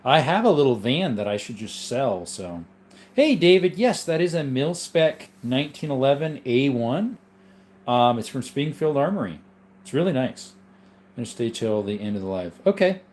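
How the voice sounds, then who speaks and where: A man's voice: mid-range voice, big pitch swings, normal speed, darkish tone. Sleepy, easygoing man chatting live. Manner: rambling, easygoing, with frequent ums and asides. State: sleepy, yawning. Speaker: livestream host reading viewer chat. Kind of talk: casual live chat.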